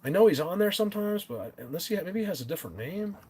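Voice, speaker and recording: A man hosting a live stream, chatting casually and rambling, often clearing his throat and restarting his sentences. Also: high-pitched, expressive, very fast, a little mellow.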